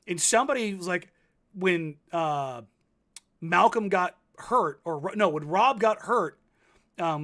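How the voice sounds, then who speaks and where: A man in his thirties co-hosts a casual sports talk show with a slightly higher pitch than most men. He rambles, packing his stories with fillers and restarts. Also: pushed and bright. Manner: rambling, filler-heavy storytelling. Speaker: co-host.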